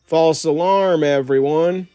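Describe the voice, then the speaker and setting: A man's voice: fairly high pitch, slow, mellow, smooth, dry recording. A man voicing a pompous male toy soldier action figure who talks of himself in the third person, in a storybook reading.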